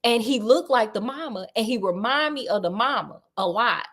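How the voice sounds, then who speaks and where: A lovesick aristocratic duke pleads and confesses in casual slang, as a woman storyteller puts him on. The voice sits fairly high, only a little lower and softer than the narrator's own. The manner is pleading and rueful. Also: animated, moderate pace. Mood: confessing.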